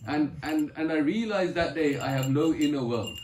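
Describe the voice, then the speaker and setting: A man's voice: a little high, normal speed, a little mellow, roomy sound, a little hiss or hum, low-quality recording. A man giving a spiritual talk at a home gathering, telling scripture stories and personal anecdotes, quoting verses and explaining them earnestly. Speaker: spiritual speaker.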